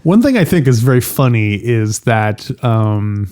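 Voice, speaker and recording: A man on a casual podcast who works his way through an anecdote with pauses and restarts. His voice sits at a plain mid pitch. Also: very animated, darkish tone. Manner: thoughtful, rambling, explains with anecdotes. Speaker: podcast co-host. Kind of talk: casual chat.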